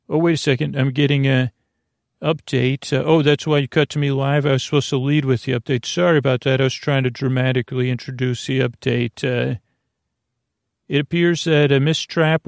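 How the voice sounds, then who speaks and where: A man's voice: mid-range voice, creaky, no echo, clean studio sound. A man voicing a flustered, bumbling male news reporter who keeps correcting himself.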